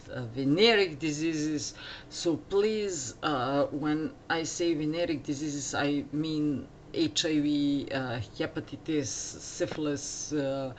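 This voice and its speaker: A man's voice: a little high, a bit bright, slight background noise. A man giving an earnest astrology talk, hesitant and full of fillers.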